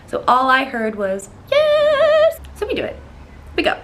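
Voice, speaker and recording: A woman telling a dating story in a storytime vlog, animated, profane and full of exclamations. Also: fairly high pitch, normal speed.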